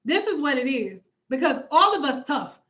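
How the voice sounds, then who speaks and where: A woman's voice: high voice, very animated, normal speed, sharp tone, dull audio. A woman, a hair care vlogger, speaking bluntly and emphatically to her livestream viewers, with profanity and repeated phrases. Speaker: hair care YouTuber and cosmetologist.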